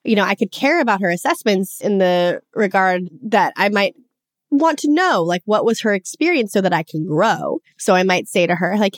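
A woman in her forties talks as a guest coach on a podcast, earnest and animated, laughing easily. Her voice sits in a middle range and is recorded dry and close, with no room around it. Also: medium pitch, normal speed, no echo. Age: 40s. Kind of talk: podcast interview conversation.

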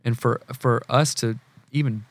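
A man's voice: mid-range voice, fairly even intonation, measured pace, dry recording. A man from the American South, talking casually as a podcast guest, earnest and full of examples, fillers and restarts. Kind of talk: casual conversation.

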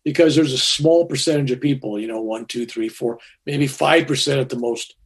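A man's voice: medium pitch, moderate pace, breathy edge. A man voicing a blunt male surgeon who explains an operation in a matter-of-fact, offhand way.

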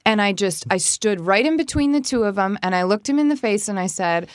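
Animated woman telling a story, dry sound. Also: brisk, hardly any pauses, dry recording. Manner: animated, acts out quoted speech in a higher voice. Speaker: podcast co-host giving etiquette advice. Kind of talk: casual storytelling chat.

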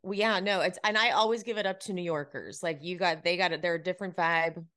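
A woman co-hosting a casual gossip chat, chatty and quick to agree. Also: lowish voice, fairly bright tone. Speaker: podcast co-host.

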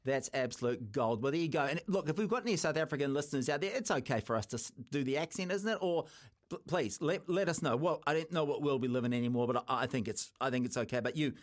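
A man's voice: medium pitch, lively intonation, fast talker. A man with a New Zealand accent hosting a sports radio show, chatting casually and teasing his co-host.

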